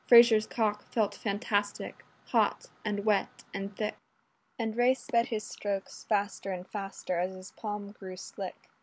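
A woman narrating adult fiction aloud in a steady, measured reading. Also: mid-range voice.

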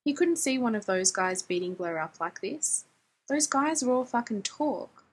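A woman's voice: on the high side, lively intonation, moderate pace, breathy edge. A woman narrating a story in a wry, conversational way, with casual profanity. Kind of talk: audiobook narration of fiction.

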